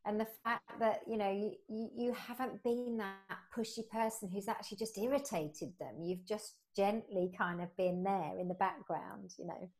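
A woman guest in a conversational interview, telling stories in an animated way and acting out the dialogue. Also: normal speed, hardly any pauses. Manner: animated, acts out quoted dialogue with rising pitch. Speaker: podcast guest. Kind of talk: conversational storytelling.

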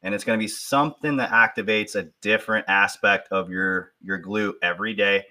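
A male fitness coach chats casually, laying out his ideas in a relaxed, upbeat way. His voice sits low but has a bright edge. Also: brisk. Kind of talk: casual chat.

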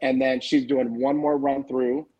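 A man's voice: medium pitch, level tone, measured pace, dark tone, low-quality recording. A man in his forties talking candidly and emphatically in a casual panel chat, swearing freely as a guest author. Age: 40s.

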